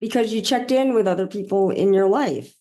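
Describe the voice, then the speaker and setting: A woman's voice: mid-range voice, brisk, dark tone. A woman speaking as a podcast guest in a supportive, playful conversational way. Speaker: podcast guest, plant medicine facilitator. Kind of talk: conversational interview chat.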